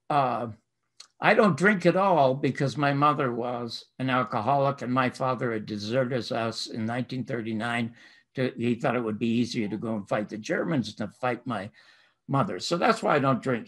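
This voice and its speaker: An older man hosting a talk show, asking long, effusive questions with emphatic praise. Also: mid-range voice. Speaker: host.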